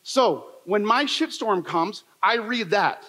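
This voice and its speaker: A man's voice: sits high, animated, slow pace, pushed and bright. Guy doing a motivational keynote, punchy repetitive storytelling, long hall echo. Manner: emphatic, repetitive, storytelling delivery. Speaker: motivational speaker. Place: large event hall. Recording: long reverb of a large hall.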